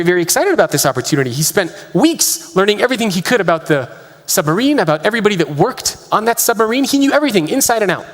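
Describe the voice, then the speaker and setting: Keynote speaker, male, high and animated voice, energetic storyteller, echoey conference hall. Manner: energetic, rhetorical questions to the audience. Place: large conference hall with live audience.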